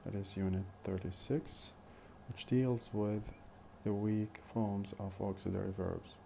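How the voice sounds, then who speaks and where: A man teaching a phonetics lesson in a slow, deliberate way, repeating example questions. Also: on the low side, fairly even intonation, vocal fry, warm tone, slight background noise. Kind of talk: recorded lecture.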